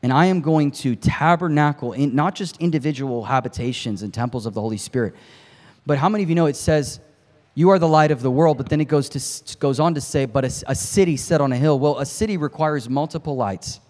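Male preacher, storytelling sermon, builds to shouting peaks, casual asides to the crowd, long hall reverb. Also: a little high, a little fast. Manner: impassioned, climbs to near shouting at peaks; conversational asides to the congregation.

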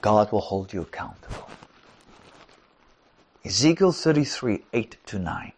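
A middle-aged man from South Africa preaching a sermon, dropping to hushed whispers and rising to loud emphatic declarations. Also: fairly low pitch, animated, unhurried, pauses often, husky.

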